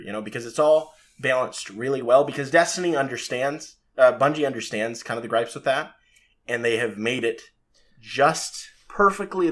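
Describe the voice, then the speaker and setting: A man's voice: medium pitch, fairly bright tone. A man co-hosting a podcast, talking at length and defending his view with enthusiasm in casual chat. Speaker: podcast co-host.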